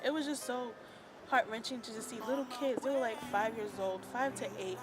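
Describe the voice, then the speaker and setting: A woman's voice: on the high side, brisk. A young woman chatting casually and telling of her own experience, full of fillers like "like" and "um". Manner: chatty, lots of "like" and "um". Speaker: interviewee. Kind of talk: casual personal account. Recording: music playing underneath.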